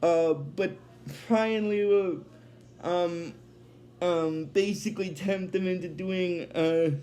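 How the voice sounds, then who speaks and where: A man retelling a cartoon episode in a loose, unscripted way, full of "uh", "um" and restarts. His voice sits high for a man. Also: warm tone, a little hiss or hum. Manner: halting, filler-heavy retelling. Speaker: episode recapper. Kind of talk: casual episode recap.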